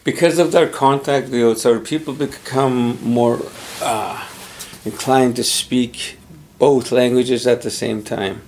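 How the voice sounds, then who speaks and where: Brief: middle-aged man, gravelly, unhurried, thoughtful interviewee. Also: mid-range voice, fairly even intonation, darkish tone, a little hiss or hum. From Pimicikamak Cree Nation, Canada. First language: Cree. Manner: measured, thoughtful, pauses often to find words. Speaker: interviewee, former Cree teacher. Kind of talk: conversational interview.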